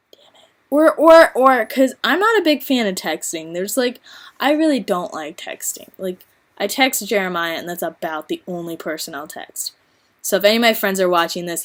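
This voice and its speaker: A young woman vlogging a casual rant, chatty and exasperated, swearing freely and saying "like" a lot. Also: medium pitch. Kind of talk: casual venting rant to camera.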